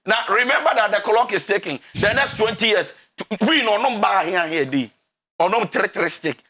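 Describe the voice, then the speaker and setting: A man's voice: sits high, lively intonation, normal speed, bright, forceful tone. A man with a Ghanaian accent giving emphatic relationship counselling, preachy and often laughing. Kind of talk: animated counselling talk.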